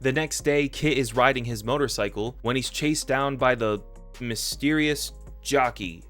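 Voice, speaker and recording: A man's voice: mid-range voice, measured pace, fairly bright tone, soft background music. A man narrating a casual review video, rambling and correcting himself with offhand asides.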